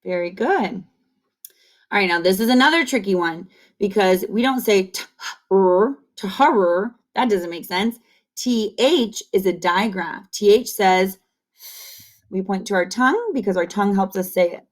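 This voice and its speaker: A woman teaching kindergarten phonics on video, drilling sounds slowly and cheering the children on. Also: medium pitch, animated. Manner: slow, encouraging call-and-repeat drilling. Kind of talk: online phonics lesson. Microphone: camera facing the speaker.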